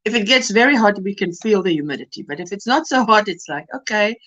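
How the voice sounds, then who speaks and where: A woman's voice: mid-range voice, lively intonation, quick pace, fairly bright tone, lo-fi sound. A woman from South Africa hosting a casual livestream, reading viewer comments and weather reports aloud and greeting people by name. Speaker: livestream host.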